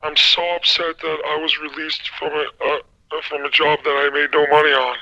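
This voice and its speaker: A man putting on the voice of a mopey, crude sad-sack who answers in sulky deadpan one-liners. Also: a little high, normal speed, highs cut off.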